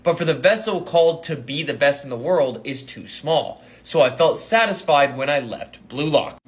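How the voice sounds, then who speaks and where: A blunt, fired-up young man who scolds in a loud, coarse way, read out by a man. His voice sits fairly high, and he sounds quick to anger. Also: expressive, natural voice. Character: hot-headed young male former soccer player, blunt and fired-up.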